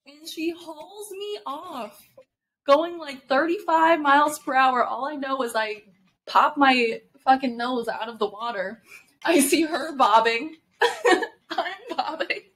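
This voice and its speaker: Her voice sits high and fairly bright, and she takes her time while staying animated. She's a twenty-something podcast co-host telling stories casually, with laughter and swearing, on a low-quality recording.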